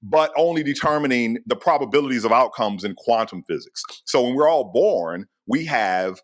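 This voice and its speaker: Animated middle-aged man telling stories. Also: medium pitch, normal speed. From United States. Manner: animated, slangy, storytelling. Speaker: astrophysicist guest. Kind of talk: casual storytelling in an interview.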